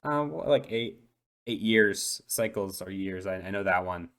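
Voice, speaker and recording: Man doing a stammering young dolphin boy, low-ish voice, hesitant and earnest, tabletop role-play. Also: lively intonation, measured pace, fairly bright tone, full character voice. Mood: shy, earnest. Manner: hesitant, full of ums and restarts. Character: shy eight-year-old dolphin boy.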